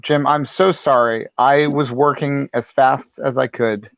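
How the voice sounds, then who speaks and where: A man's voice: medium pitch, fairly even intonation, unhurried, vocal fry, dry recording, lo-fi sound. A man impersonating a retired filmmaker host. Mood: apologetic. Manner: earnest, fumbling apologies. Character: retired filmmaker persona hosting a show, apologetic. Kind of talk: comedic talk show impression.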